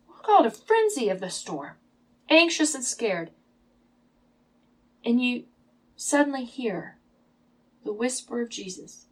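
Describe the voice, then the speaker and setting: A woman teaching a Bible lesson as a sermon, telling the story dramatically, at times hushed and at times emphatic. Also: a little high, big pitch swings, measured pace, pauses often, poor audio.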